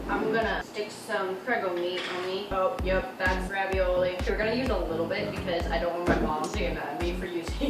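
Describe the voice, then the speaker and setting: A woman's voice: medium pitch, normal speed, few pauses, recorded from a distance, music in the background. Chatty teenage girl in an echoey room. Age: teens. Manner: chatty, jumpy, squeals at surprises. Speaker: vlogger. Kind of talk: casual vlog chat.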